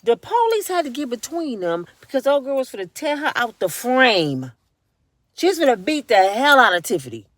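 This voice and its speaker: An animated woman dishes casual commentary to her viewers, her pitch leaping around as she acts out other people's lines. Her voice sits fairly high and the recording is dry and close. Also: moderate pace, dry recording. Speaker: vlogger.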